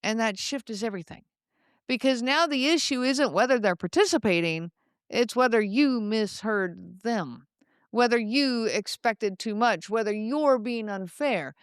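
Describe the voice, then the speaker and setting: A woman hosting a solo podcast, speaking in a calm, reflective way and addressing the listener directly. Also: on the high side, unhurried, clear, resonant tone, no echo, clean studio sound. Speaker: podcast host.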